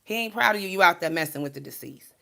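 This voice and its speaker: A woman's voice: on the low side, expressive, fast, gravelly, a bit bright. A woman speaking in a candid, emphatic, chatty way, telling a spiritual story on her video channel with preachy asides. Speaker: spiritual card reader and vlogger. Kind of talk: casual storytelling vlog.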